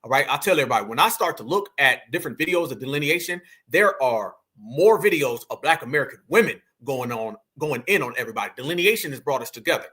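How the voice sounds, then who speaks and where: A man's voice: medium pitch, lively intonation, quick pace, few pauses, pushed and bright, breathy edge. A man hosting an online commentary, talking preachily and addressing viewers as family. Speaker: commentary host.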